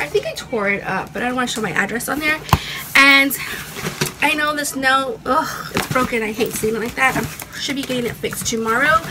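A young woman chatting excitedly in a casual vlog at home, rambling with restarts. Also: on the high side, noisy background. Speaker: beauty and fashion vlogger.

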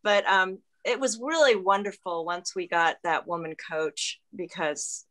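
A woman's voice: fairly low pitch, measured pace, rough recording. A woman in her sixties, a former athlete, reminiscing loosely and chuckling on a video call. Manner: warm and chuckling, loosely recalled.

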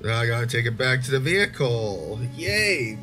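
Animated young man doing gameplay commentary. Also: medium pitch, fairly quick. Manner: swearing, exasperated, joking. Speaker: gaming YouTuber.

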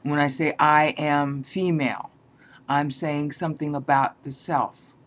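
Woman Bible teacher, slow and pedantic, repeats herself to drive points home, muffled lo-fi audio. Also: sits low, steady tone. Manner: pedantic, repeats points, checks in with "all right?". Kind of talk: slow explanatory lecture. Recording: dull lo-fi sound.

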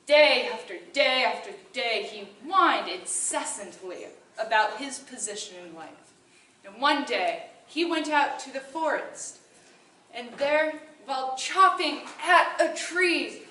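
Bright, animated woman storyteller. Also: fairly high pitch, unhurried. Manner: animated, playful. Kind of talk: live storytelling to an audience. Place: indoor event hall. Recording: roomy hall from far off.

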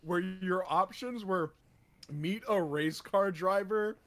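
A man's voice: sits high, slow, a crowd in the background. A man on a livestream, telling anecdotes about his work, laughing and swearing casually. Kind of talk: casual storytelling chat.

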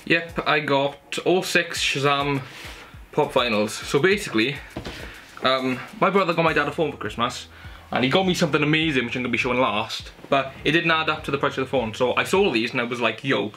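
With background music playing, a young man eagerly chats through a casual haul video of his Christmas presents at home. His medium-pitched voice has a sharp tone, and there's slight background noise.

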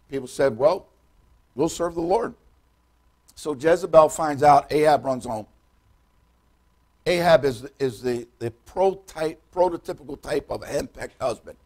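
An older man preaching a sermon in a church, retelling Bible stories dramatically in folksy, direct words, swinging between loud and hushed. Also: a little high, a little slow. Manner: folksy, addresses congregation directly. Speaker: pastor. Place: church sanctuary.

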